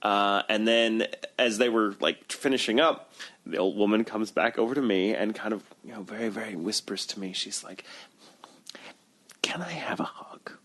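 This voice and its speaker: A man co-hosting a podcast, telling a long story in a casual, animated way and swearing freely. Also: lowish voice, moderate pace. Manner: animated, profane and full of voices. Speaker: podcast co-host.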